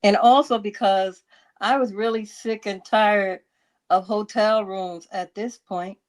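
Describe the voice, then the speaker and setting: A woman's voice: medium pitch, steady tone, slow. A woman co-hosting a livestream from her computer who reads the witness's short answers from a court transcript and chats loosely with her co-host. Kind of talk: reading witness answers from a transcript, then casual chat.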